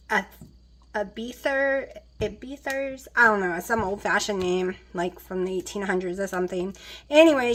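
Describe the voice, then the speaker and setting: A woman's voice: on the high side, fairly bright tone. A woman chatting casually as she cooks in her home kitchen, rambling with plenty of fillers. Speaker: vlogger. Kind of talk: casual kitchen vlog chat.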